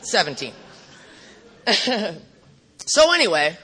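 A middle-aged woman speaking at a recovery meeting, telling her story bluntly and profanely with animated asides. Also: medium pitch, takes it slowly, breathy edge, a faint crowd.

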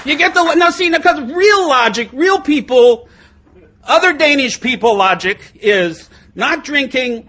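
Man, middle-aged, husky voice, lively swinging pitch, self-mocking humor, recovery meeting speaker. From United States. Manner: animated, self-mocking, laughing often. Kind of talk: humorous personal talk.

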